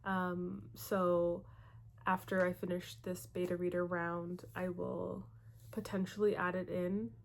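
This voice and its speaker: A woman's voice: on the low side, level tone, slow pace, gravelly. A young adult woman chatting casually in a writing vlog, full of fillers like "um". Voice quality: slight lisp from retainers. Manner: chatty, with frequent fillers and laughs. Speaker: writing vlogger. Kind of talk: casual chat.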